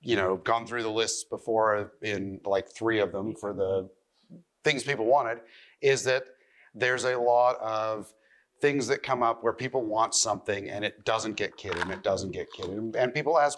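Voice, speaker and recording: A man, a magazine editor, giving a measured, explanatory seminar talk to a live audience. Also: lowish voice, steady tone. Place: convention seminar room.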